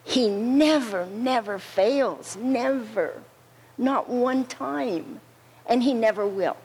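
A woman telling an earnest story as a friend at a memorial service, repeating words slowly for weight. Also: on the high side, darkish tone, a little hiss or hum, low-quality recording. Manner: earnest, slow and repetitive storytelling. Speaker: friend giving a tribute.

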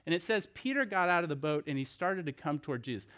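A man's voice: fairly high pitch, animated, fast, a bit bright. Conversational male pastor preaching a sermon. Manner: conversational, storytelling with restarts and rhetorical questions.

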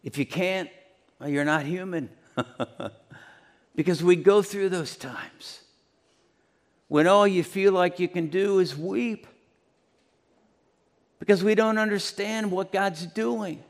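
A man pastor preaching a sermon, swinging between hushed, near-whispered lines and loud, emphatic ones. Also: high-pitched, big-room sound.

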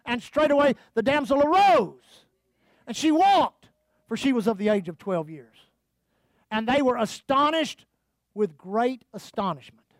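Fervent high-voiced male preacher. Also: dry recording. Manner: fervent, calls out to the congregation; reads scripture aloud. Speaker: pastor. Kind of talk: sermon.

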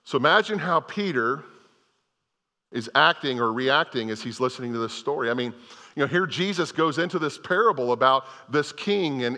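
A man's voice: a little high, sharp tone, in a large hall. An older man preaching a sermon, telling a parable as a story and often restarting his phrases. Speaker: pastor.

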